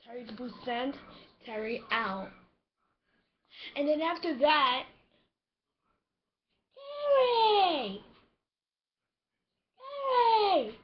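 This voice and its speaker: A soft-spoken vlogger rambles casually with a high voice, taking it slowly. The recording is a little dull and lo-fi. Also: female voice. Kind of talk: casual vlog chat.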